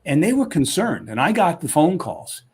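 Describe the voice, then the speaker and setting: A man giving an enthusiastic sales pitch on a live webcast, talking in punchy lists over a video call. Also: huge pitch swings, normal speed, darkish tone, slightly rough. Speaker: company founder pitching to sellers.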